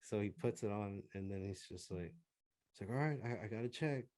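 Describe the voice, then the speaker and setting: A man's voice: on the low side, fairly quick, darkish tone, no room sound. A man casually telling a crude, profane story to friends, laughing and acting out what others said. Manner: profane, laughing, acts out other people's lines. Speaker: podcast co-host.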